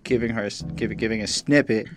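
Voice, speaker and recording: A man's voice: lowish voice, fast talker. A man in his thirties co-hosting a music review podcast, talking in a candid, profane and reflective way. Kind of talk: casual chat.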